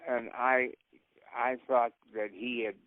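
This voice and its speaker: An older actor appearing as a guest tells rambling, casual anecdotes over the phone, laughing often. His mid-range voice is level in tone and slow, and the line sounds tinny.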